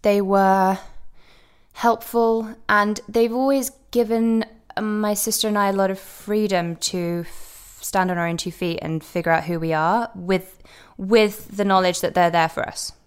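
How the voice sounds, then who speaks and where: Woman, quiet posh English accent, podcast guest, casual chat, lots of fillers and restarts. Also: medium pitch, steady tone, measured pace, clean tone. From Britain. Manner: chatty and hesitant, full of fillers and restarts.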